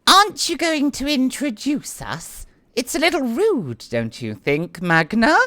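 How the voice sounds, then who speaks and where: A woman putting on a coquettish high-voiced aristocratic lady. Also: huge pitch swings, unhurried, bright, forceful tone, dry recording, heavily acted. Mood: teasing.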